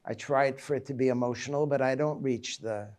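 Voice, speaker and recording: A man in his seventies, a rabbi giving a reflective Tisha B'Av lecture, telling personal stories in a halting way. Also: mid-range voice, steady tone, a little mellow. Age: 70s.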